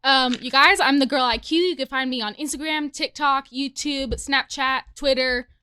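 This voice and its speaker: A woman's voice: high-pitched, moderate pace, bright, forceful tone. A young woman guest chatting casually and enthusiastically about candy and her social media. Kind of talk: casual chat.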